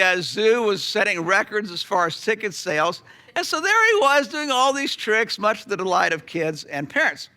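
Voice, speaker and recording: A middle-aged pastor telling a story in a sermon, animated, with sudden drops to a hush. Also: male voice, sits high.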